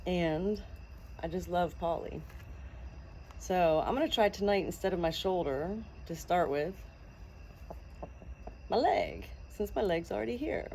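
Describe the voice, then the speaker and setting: Slow-talking upbeat woman with her rooster. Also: on the low side, dark tone, a little hiss or hum, poor audio. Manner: cooing, upbeat, talks baby-talk to her rooster. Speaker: pet owner vlogger. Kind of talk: casual chat to camera and pet. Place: at home with a pet rooster.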